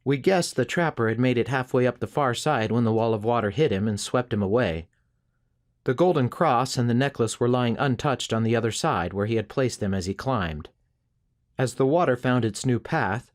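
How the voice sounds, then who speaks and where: Guy reading a frontier western audiobook out loud, steady and measured, mid pitch. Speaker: audiobook narrator. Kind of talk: first-person audiobook narration of a western novel.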